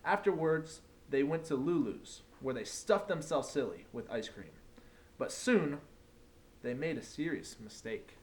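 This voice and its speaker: A man reading a picture book aloud to his class, with the animated delivery of a teacher. His pitch rises and falls expressively, and a faint background noise sits under his voice. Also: measured pace. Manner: animated storytelling.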